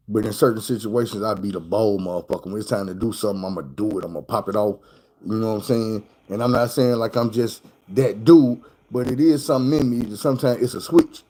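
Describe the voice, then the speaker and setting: A man's voice: fairly low pitch, rough recording. A man casually telling a story in loose, profane street talk, acting out the people in it. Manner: animated, acts out the people in his story. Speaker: streamer.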